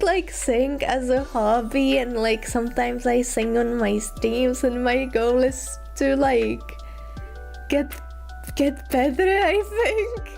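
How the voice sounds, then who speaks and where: A young woman streamer chats in a high, slow-paced voice, sick but still talking. She retells a story with plenty of likes and ums and giggles through it shyly. Faint music plays in the background. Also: vocal fry, darkish tone. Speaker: vtuber streamer. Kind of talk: casual chat stream.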